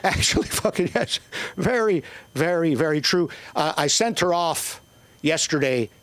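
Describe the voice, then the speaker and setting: An older man doing profane, rambling stand-up comedy at an open mic, with sudden shouted bursts. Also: fairly high pitch, lively intonation, a little slow. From Northern Ireland.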